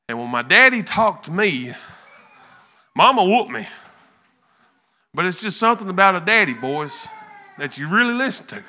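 A man giving an emotional church testimony, earnest and halting, often repeating words. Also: on the high side, animated, sharp tone.

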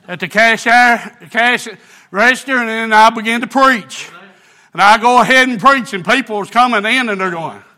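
A man, preaching a sermon, telling a folksy story that builds into shouted preaching. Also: very high voice. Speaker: pastor.

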